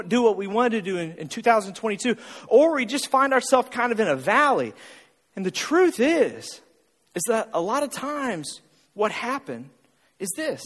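A man's voice: high-pitched, fairly bright tone, in a large hall. A male pastor preaching a sermon, pressing his point with repeated lines and rhetorical questions.

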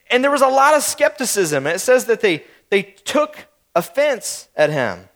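Animated young male pastor preaching. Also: very high voice. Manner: animated, acts out skeptical townspeople in quick asides. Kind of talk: sermon.

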